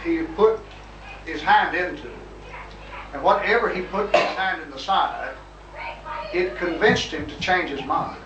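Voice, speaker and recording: A man's voice: high voice, measured pace, pauses often, muffled recording. A man in a heated debate, pressing with persistent questions and cutting in. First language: English. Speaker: missionary. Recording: echoey room, distant mic, audible hiss.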